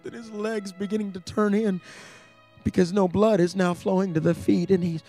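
A male campus ministry preacher giving a sermon in a church, telling stories dramatically and building to loud peaks. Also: high voice, little pitch movement, moderate pace, soft background music.

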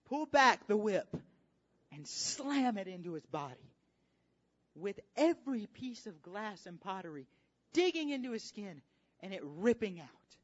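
Dramatic preacher, hushed to shouting. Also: medium pitch, very animated, measured pace. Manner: repeats phrases for emphasis. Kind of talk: sermon. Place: church service with worship team. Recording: dull lo-fi audio with faint music.

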